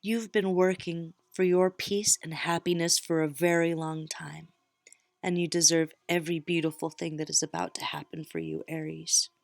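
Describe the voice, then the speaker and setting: With a low-pitched, expressive voice at normal speed, a middle-aged woman reads tarot and speaks straight to her viewers in a warm, casual, encouraging way. The recording is dry.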